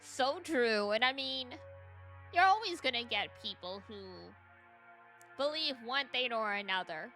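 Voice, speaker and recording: A young woman from Canada with a high, youthful-sounding voice, chatting quickly and giggling as a VTuber streamer. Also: lively intonation, pushed and bright, faint music behind. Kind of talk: casual stream chat.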